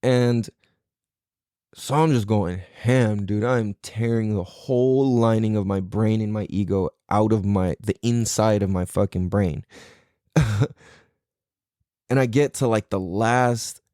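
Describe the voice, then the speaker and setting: A man's voice: on the low side, slow, long pauses, dark tone, clean tone, no echo, clean studio sound. A man hosting a podcast, retelling an experience in a casual, profane monologue and laughing often. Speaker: podcast host.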